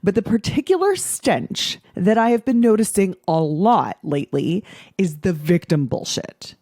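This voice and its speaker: Woman podcast host, 40s, blunt and salty coaching talk, very animated pitch, dry close sound. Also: a little slow, no echo. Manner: blunt, profane, playful. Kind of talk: casual podcast monologue.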